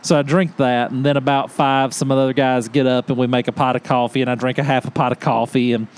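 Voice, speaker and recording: A man on a podcast telling a hunting story in casual chat, animated and laughing often as he acts out what people said. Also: mid-range voice, fast, clear, resonant tone. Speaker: podcast host.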